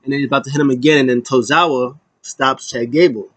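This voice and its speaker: A man's voice: medium pitch, fast, dry recording. Chatty man recapping wrestling. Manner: rambling, animated retelling full of fillers. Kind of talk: casual recap chat.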